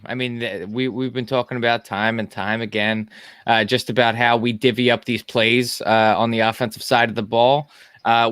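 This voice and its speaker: A man's voice: mid-range voice, fairly bright tone, clear, resonant tone, no echo. A man co-hosting a casual sports chat, breaking down plays in an easygoing way. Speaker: podcast co-host.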